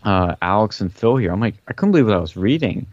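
A man's voice: fairly low pitch, animated, fast talker, darkish tone, no echo. A man retelling a story in casual podcast chat, rambling and profane, with dull, dry lo-fi audio. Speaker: guest telling a story.

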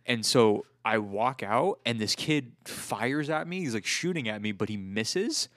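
A young man chatting casually with friends, telling animated, profane gaming stories and acting out other players' shouts. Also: medium pitch, measured pace. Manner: animated storytelling, swears a lot, acts out other players' shouts. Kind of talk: casual chat among friends.

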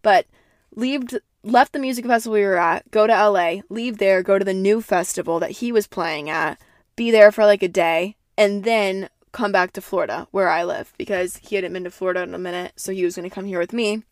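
Young woman, podcast host, casual storytelling, swears a lot, filler-heavy, medium pitch, dry close sound. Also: brisk, no echo. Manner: animated, swears freely, heavy use of "like"; self-described dramatic.

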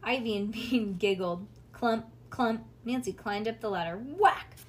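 A woman reading a children's storybook aloud in a casual, lively way with small slips. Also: medium pitch, moderate pace. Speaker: reader.

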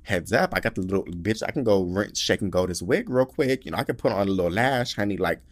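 A young man hosting a podcast, telling a story in a slangy, animated way, swearing often and acting out quotes. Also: lowish voice, fast. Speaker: podcast host. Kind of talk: casual storytelling monologue.

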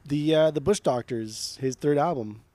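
A man's voice: fairly high pitch, moderate pace, dark tone, dry recording. A man co-hosting a podcast in casual chat, giving blunt, profane opinions with lots of emphasis. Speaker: podcast co-host.

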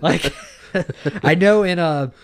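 A man's voice: fairly high pitch, takes it slowly. A young man co-hosting a podcast in casual chat, rambling with lots of fillers, restarts and swearing. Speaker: podcast co-host.

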